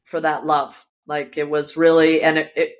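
A woman's voice: sits low, level tone, moderate pace. A woman guest in an interview, telling a personal story vividly and acting out the voices of the people in it, recorded in her yoga studio. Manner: vivid storyteller who acts out quoted voices.

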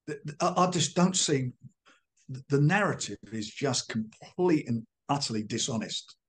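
An older man talks in a mid-pitched voice, blunt and emphatic as he answers interview questions. He often repeats himself to press a point and turns combative when challenged. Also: lively intonation, normal speed, fairly bright tone. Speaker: boxing promoter.

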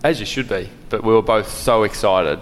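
A man's voice: lowish voice, normal speed, in a large hall, a little hiss or hum. A man guest on a podcast who keeps laughing as he tells an old story. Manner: laughing often while recounting a story. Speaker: podcast guest, pro golfer. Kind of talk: casual storytelling.

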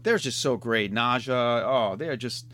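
A man's voice: medium pitch, expressive, unhurried, pushed and bright. A middle-aged man hosting a podcast in casual, rambling chat, often tacking on "man". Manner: rambling, laid-back, says "man" a lot. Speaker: podcast host.

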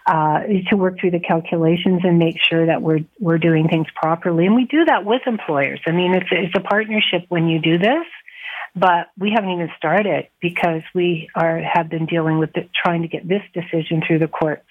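A woman talks earnestly on a radio call-in, her voice a little low. She corrects herself often and laughs softly. The line is tinny and thin, like a telephone. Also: steady tone, normal speed. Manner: earnest, with restarts and soft laughs. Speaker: nurses' union president. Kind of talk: radio interview over the phone.

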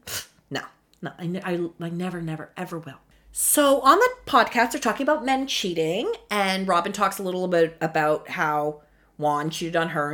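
A woman's voice: medium pitch, a bit bright. A woman giving a casual solo recap of a reality TV show, candid and sarcastic, swearing freely.

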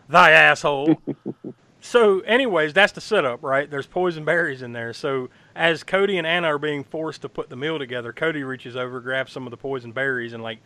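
Man, bright forceful voice, slightly high, excitable, swears a lot, laughs often, dry close sound. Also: no echo. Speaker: podcast co-host recapping a horror film. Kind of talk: casual chat.

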